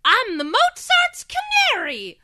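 Chirpy german canary bird put on by a woman, high sing-song, bright and sharp. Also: wildly swooping pitch, unhurried, no room sound, clean studio sound, full character voice.

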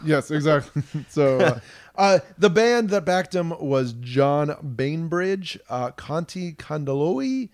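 A man hosting a casual podcast chat, rambling with frequent restarts and quick laughs. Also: on the high side, very animated.

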